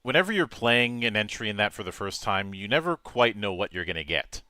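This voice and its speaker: A man's voice: fairly low pitch, sing-song, a little fast, bright, forceful tone, clean tone, no echo, studio quality. A man co-hosting a casual chat about game trailers, speaking in a thoughtful, opinionated way. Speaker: co-host.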